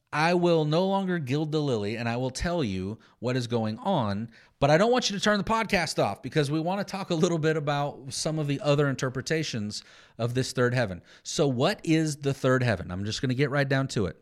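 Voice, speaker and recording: Brief: male podcast Bible teacher, animated, mid pitch, playful sarcasm. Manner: animated, sarcastic asides, explanatory.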